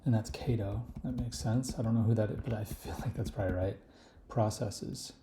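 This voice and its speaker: A man thinking aloud as he works through a crossword, slowly reading clues half to himself. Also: fairly low pitch, steady tone, dark tone. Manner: slow, musing, reads clues half to himself. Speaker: puzzle solver. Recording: echoey room with clear background noise. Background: keyboard clicks and typing.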